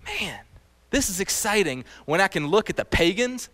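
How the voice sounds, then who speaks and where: Brief: male Bible teacher, fairly high voice, lively and chatty, long hall echo. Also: fairly quick. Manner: animated, conversational, quizzes the audience. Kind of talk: sermon.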